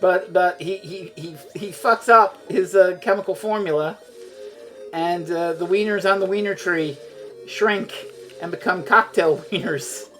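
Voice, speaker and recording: A woman's voice: lowish voice, a little slow, a bit bright, soft background music. A woman streaming a video game, rambling and swearing freely as she chats. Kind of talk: casual chat while playing a video game.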